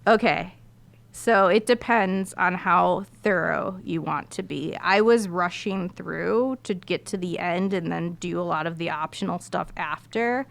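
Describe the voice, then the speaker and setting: A woman's voice: lowish voice, measured pace, gravelly. A woman game reviewer in casual podcast chat, talking chattily with many fillers.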